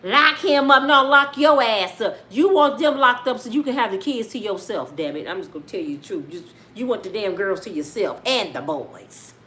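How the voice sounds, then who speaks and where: A woman giving casual, profane celebrity gossip commentary in a loud, animated way. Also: a little high, normal speed, hardly any pauses. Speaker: vlogger.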